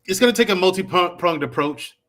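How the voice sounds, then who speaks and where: Quick-talking man with a bright tone. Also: high-pitched, lively intonation. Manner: quick, explanatory, building on his own points. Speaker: panelist. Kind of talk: casual discussion.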